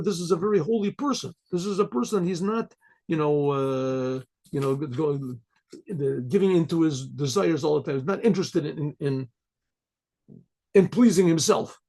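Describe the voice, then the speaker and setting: An older man, a rabbi, telling a story to listeners, often clearing his throat and acting out the voices of the people in it. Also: on the high side, moderate pace, darkish tone. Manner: frequent throat clearing, acts out quoted voices. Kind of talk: storytelling talk.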